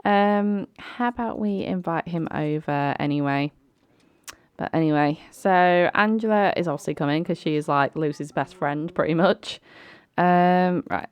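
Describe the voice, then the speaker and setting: A woman's voice: sits low, smooth, dry recording. A young woman hosting a life-sim game let's play, chatting casually with lots of fillers and sudden exclamations. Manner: chatty, filler-heavy, quick to laugh and exclaim. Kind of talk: casual gameplay commentary.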